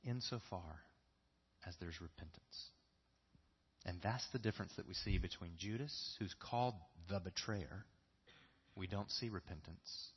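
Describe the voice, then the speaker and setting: A man's voice: on the low side, breathy edge, dull audio. A man preaching a sermon in a church, earnest and repeating key phrases for emphasis. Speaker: pastor.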